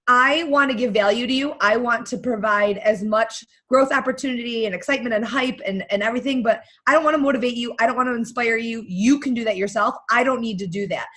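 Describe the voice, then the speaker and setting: A woman coach giving a blunt, energetic motivational talk on a team call. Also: on the high side, brisk. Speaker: guest coach.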